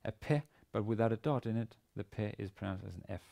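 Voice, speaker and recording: A man lecturing on a language lesson, speaking haltingly with many fillers and restarts. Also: on the low side, creaky, warm tone, highs cut off. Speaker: university lecturer.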